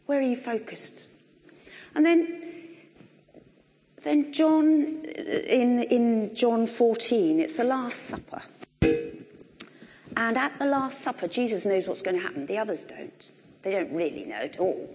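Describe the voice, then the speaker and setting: A middle-aged woman preaching a sermon in a conversational, animated way with wry humour, recorded in a church. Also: on the high side, a little slow, pauses often. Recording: long reverb of a large hall.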